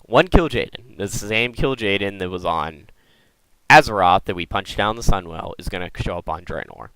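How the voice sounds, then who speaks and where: Excitable man rambling in a bright voice. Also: low-pitched, moderate pace, smooth, no echo, poor audio. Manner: excitable, repeats words, rambling. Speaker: gaming video host. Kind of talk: casual lore theorizing talk.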